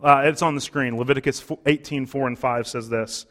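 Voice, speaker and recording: A pastor delivering a Sunday sermon in a relaxed, conversational way. He talks at a middle pitch and stops to restart phrases and say "uh" as he thinks. The speech is plain and unscripted. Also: brisk, few pauses. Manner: conversational preaching with fillers and restarts.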